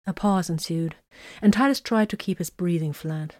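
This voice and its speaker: Low-pitched woman narrator, steady and measured, dry close recording. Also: dry recording. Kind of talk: audiobook narration.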